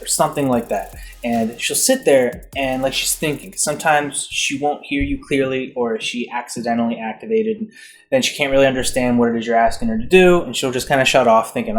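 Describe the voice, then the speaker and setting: Man, vlogger, rambling self-mocking storyteller, mid pitch, faint music bed. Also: expressive, a little fast. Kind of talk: casual comic storytelling.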